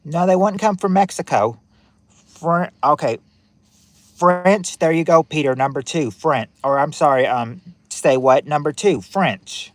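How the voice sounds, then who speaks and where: A man hosts a family quiz game on a livestream, reading out questions and chatting with viewers by name, reacting to their chat names and often repeating phrases. His voice is a little high and measured in pace, recorded with no echo.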